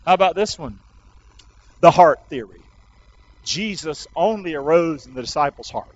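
A man's voice: on the high side, lively intonation, normal speed, lo-fi sound. A man preaching an Easter sermon, urging the congregation to repeat after him. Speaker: pastor.

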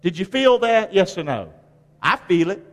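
A man's voice: sits high, sing-song, normal speed, in a large hall. A man preaching a sermon in a folksy way, calling on the congregation to answer and repeat after him. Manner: folksy preaching with call-and-response. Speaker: pastor. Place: church sanctuary.

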